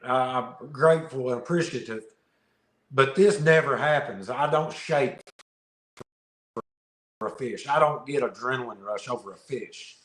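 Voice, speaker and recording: Man, podcast guest, lively storyteller, laughs a lot, mid-pitched, echoey room. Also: a little slow, long pauses. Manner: animated storyteller, laughs often, repeats words. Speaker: podcast guest, fishing video creator. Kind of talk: casual storytelling interview. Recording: roomy echo.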